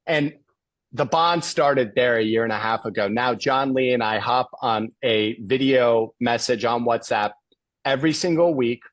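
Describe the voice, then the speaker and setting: A man as an interview guest, telling a story in an animated, emphatic way over a video call. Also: mid-range voice, unhurried, no echo. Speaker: guest speaker.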